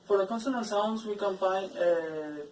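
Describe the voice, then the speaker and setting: A woman's voice: mid-range voice, moderate pace, darkish tone, a little hiss or hum. A woman from Colombia with a Colombian Spanish accent, teaching an English pronunciation lesson in English as a second language. She drills lists of example words and stresses each one. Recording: echoey room, mic far off.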